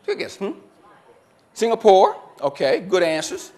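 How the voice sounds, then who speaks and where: A man gives a motivational keynote to a live audience in a conference room. His slightly high voice rises and falls with lively swings as he quizzes the listeners and repeats their answers. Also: measured pace. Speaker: keynote speaker. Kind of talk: motivational seminar talk.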